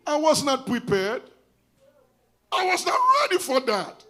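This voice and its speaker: A middle-aged man with a Haitian accent preaching a storytelling sermon. He switches between languages and raises his voice to shout for emphasis. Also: very high-pitched, sing-song, a little slow. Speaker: pastor.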